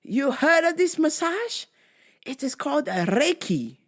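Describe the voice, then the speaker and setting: Woman putting on a pushy massage-selling lady, high-pitched. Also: big pitch swings. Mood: insistent. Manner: halting, broken English with fillers.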